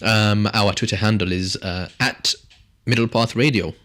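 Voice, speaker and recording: A man with a slightly low voice hosts a casual radio talk show from the studio. He rambles along in a jokey way and laughs often. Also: fairly even intonation, moderate pace, fairly bright tone.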